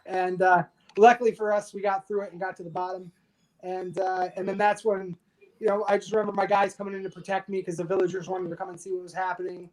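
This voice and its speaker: A man in his thirties from the United States, a podcast guest telling a war story candidly and with dark humor, swearing freely. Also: high voice, little pitch movement, fast talker, rough recording. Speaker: podcast guest, army veteran. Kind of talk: casual storytelling interview.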